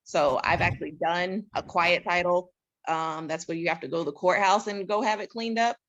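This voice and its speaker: A woman's voice: lowish voice, steady tone, normal speed, a bit bright, dull audio. A woman giving a casual, chatty talk as a real estate investor, laughing often.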